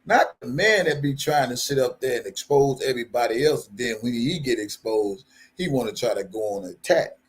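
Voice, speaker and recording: A man's voice: medium pitch, lively intonation, normal speed. A man hosting a live stream, ranting casually in a profane, mocking way and laughing often. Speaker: livestream host. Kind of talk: casual livestream rant.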